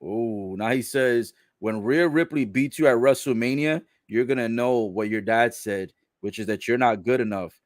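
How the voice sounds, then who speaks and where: A man giving a casual live recap of a wrestling show, relaying what is said in the ring and reacting with laughs and loud exclamations. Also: mid-range voice, moderate pace, few pauses, no echo, studio quality. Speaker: live wrestling watch-along commentator.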